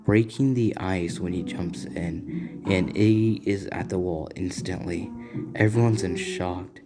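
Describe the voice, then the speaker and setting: A man's voice: sits low, takes it slowly. A man casually narrating a fan story in a rambling way, with restarts. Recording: guitar music in background.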